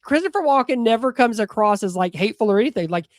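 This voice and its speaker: A man co-hosts a casual movie podcast, rambling and hesitating with lots of fillers. He has a high voice with lively intonation and talks fast, recorded in a clean studio with no echo.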